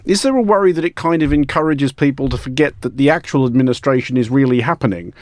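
A man's voice: mid-range voice, fast, darkish tone, no echo. A man hosting a radio talk show in a studio, wry and dry, often restarting his words. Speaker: host.

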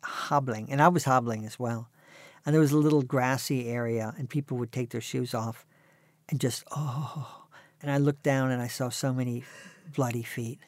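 A man's voice: medium pitch, steady tone, normal speed, no room sound. Wry dry-voiced man in his sixties. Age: 60s. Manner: dry, wry, self-mocking humor. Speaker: author and guest. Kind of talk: conversational storytelling.

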